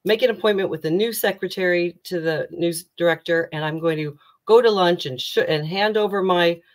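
Animated middle-aged woman telling her story. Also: normal speed. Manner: animated, with sharp rises in pitch when retelling tense moments; frequent restarts and self-corrections. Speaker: guest, career coach and former reporter. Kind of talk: candid interview storytelling.

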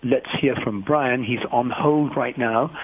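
A man hosting a radio call-in show, reading out announcements slowly and haltingly, spelling things out letter by letter. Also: mid-range voice, slight background noise. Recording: phone-like radio broadcast.

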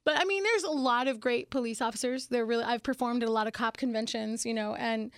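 A woman comedian chatting casually, telling animated, profane stories and laughing often. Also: a little high, fast, clean tone, no room sound, studio quality. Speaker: comedian guest. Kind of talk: casual chat.

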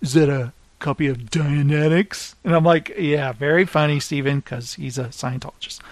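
A man hosting a podcast, telling stories in casual chat and mimicking friends with quick voice shifts. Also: a little high, no room sound. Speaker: podcast host.

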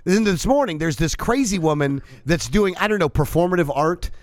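A man's voice: high-pitched, lively intonation, a little fast. A man telling a story in casual chat, swearing constantly and sounding exasperated.

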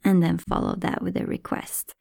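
A woman hosting a podcast, explaining ideas in a calm, thoughtful, teacherly way. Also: moderate pace, no room sound, clean studio sound. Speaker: podcast host.

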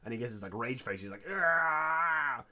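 A man co-hosting a podcast, casually retelling a TV episode and jumping into high, excited voices for the characters. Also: rapid-fire. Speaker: podcast co-host. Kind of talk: casual chat recapping a TV episode.

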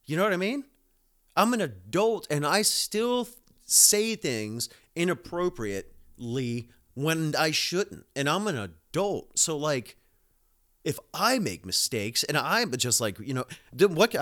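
A man's voice: medium pitch, pushed and bright. A man, hosting a casual podcast monologue, rambling and profane with many fillers. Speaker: podcast host.

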